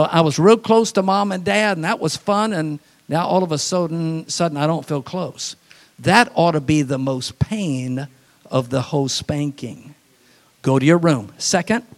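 A man preaching a sermon, telling folksy, humorous stories and laughing at them, swinging from animated to quiet and soft for emphasis. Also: on the high side. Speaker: pastor.

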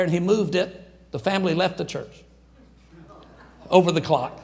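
An older man, preaching a folksy sermon and acting out quotes in lively voices. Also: high voice, moderate pace, gravelly. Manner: folksy, animated storytelling with acted quotes. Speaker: pastor.

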